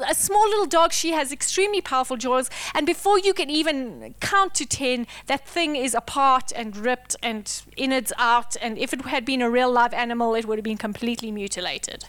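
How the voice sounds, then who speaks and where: A woman preaching with a high, smooth voice. She delivers her sermon dramatically, swinging between hushed, intense whispers and loud, emphatic declarations. The sound is close and dry. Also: dry recording.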